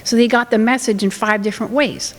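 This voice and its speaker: A woman's voice: fairly high pitch, steady tone, brisk, long reverb tail, rough recording. A woman giving a talk on family communication in a conversational way, acting out what parents and children say. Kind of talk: presentation with acted examples.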